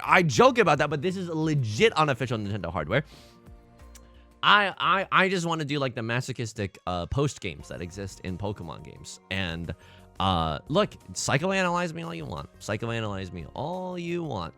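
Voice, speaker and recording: A young man hosts his own gameplay commentary, his bright voice swinging widely in pitch. He talks in a sarcastic, self-mocking way and breaks into theatrical outbursts. Faint game music plays behind him. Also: big pitch swings, normal speed. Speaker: let's play host.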